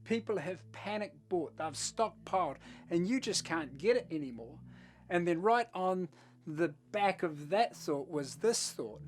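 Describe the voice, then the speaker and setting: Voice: mid-range voice, expressive, unhurried. A pastor giving a short devotional message in a conversational, storytelling manner.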